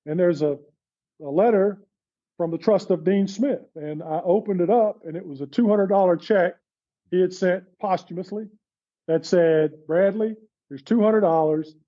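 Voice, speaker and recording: A man in his fifties telling animated stories as a podcast guest, laughing often. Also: a little high, lo-fi sound. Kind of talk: storytelling in casual chat.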